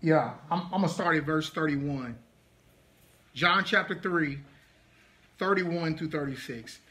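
In a congregation meeting room, a man with a fairly high, bright voice leads an interactive Bible study at a measured pace. His tone is forceful, pressing hard on key points and drawing out words for emphasis.

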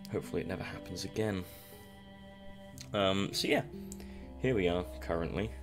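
A man's voice: low voice, normal speed, over music. A young man giving casual, rambling commentary over a survival game, self-mocking and chuckling often. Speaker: gameplay commentator.

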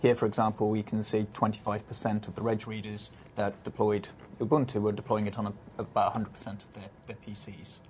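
A man's voice: on the low side, little pitch movement, a little fast, a little mellow, a little hiss or hum. A man, an analyst guest, methodically explaining survey figures in a studio webcast.

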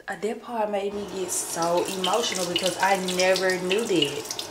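A woman in her thirties chatting casually to camera at home as a vlogger, rambling and chatty and sometimes dropping into hushed asides. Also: medium pitch, fairly even intonation, moderate pace, noisy background. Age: 30s. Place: at home getting ready. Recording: roomy echo.

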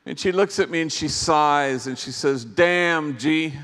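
A priest giving a reflective storytelling talk to a conference audience, unhurried, with long pauses between phrases. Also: male voice, a little high, a bit bright. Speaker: priest and speaker. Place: large conference hall. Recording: long reverb of a big hall.

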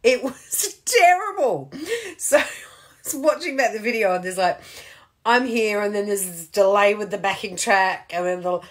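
A woman's voice: medium pitch, lively intonation, normal speed. A middle-aged woman chatting casually to camera, self-mocking and laughing often. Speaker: vlogger. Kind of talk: casual daily video chat.

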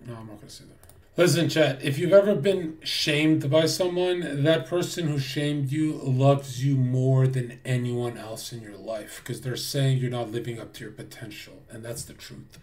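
A man's voice: medium pitch, fairly even intonation, normal speed, darkish tone, far from the mic. A man streaming to his chat, ranting in a blunt, preachy way with lots of swearing. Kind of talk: livestream rant to chat.

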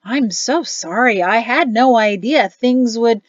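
A woman's voice: fairly high pitch, takes it slowly, no room sound, lo-fi sound. A woman voicing a jovial, chatty male innkeeper and cook in an audiobook. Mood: cheerful. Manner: cheery, chatty, boastful.

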